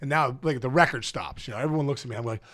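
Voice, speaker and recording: A middle-aged man, a podcast guest, telling a rambling, excitable story in casual chat and acting out the quotes with big jumps in his voice. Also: mid-range voice, very fast, dry recording, clean studio sound. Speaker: podcast guest, former baseball player.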